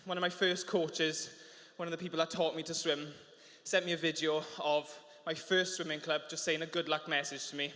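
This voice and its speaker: A young man with a Welsh accent giving a halting, emotional interview after a race, in a large indoor arena. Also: on the high side, level tone, bright, forceful tone. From South Wales. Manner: halting, with many restarts and fillers. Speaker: interviewed swimmer. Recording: long arena reverb.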